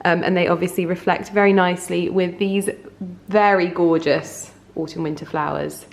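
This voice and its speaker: A woman's voice: lowish voice, steady tone, moderate pace, gravelly. A woman chatting casually to camera in a vlog, rambling and heartfelt. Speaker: lifestyle vlogger.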